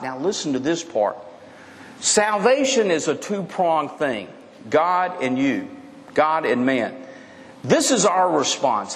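A man's voice: mid-range voice, big-room sound, a little hiss or hum. A man preaching an expository sermon, emphatic and repetitive, sometimes restarting his phrases. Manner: emphatic, repeats key phrases, frequent restarts. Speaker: pastor.

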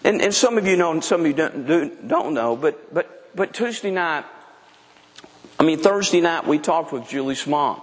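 Male pastor, middle-aged, emphatic frank sermon, slightly high voice, long hall echo. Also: lively intonation, moderate pace. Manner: emphatic, frank preaching with repeated restarts.

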